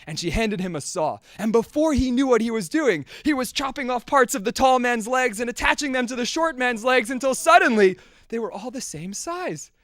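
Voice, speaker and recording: Male storyteller, high-pitched and animated; loud bursts and hushes, vocal sound effects, dry close sound. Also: moderate pace, dry recording. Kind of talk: folk tale storytelling.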